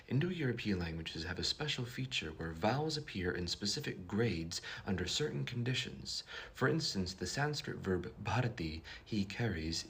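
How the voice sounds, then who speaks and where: A man with a low, deep voice narrates a scripted explainer. He speaks in a measured, precise, lecturing way and lays out each point carefully. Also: a bit bright, husky.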